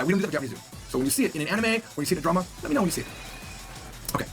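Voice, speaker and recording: A quick-talking man with a lively, bouncing delivery and a slightly raised pitch runs a beginner language lesson. He is upbeat and chatty and repeats each new word so listeners can drill it. Soft music plays faintly behind him. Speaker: language teacher.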